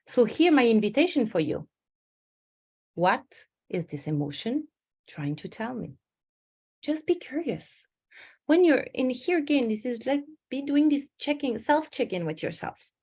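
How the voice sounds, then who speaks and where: Middle-aged woman coach, lively storytelling webinar delivery. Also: high-pitched, unhurried, husky. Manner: animated storytelling with acted inner voices. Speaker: stress management coach. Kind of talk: webinar presentation.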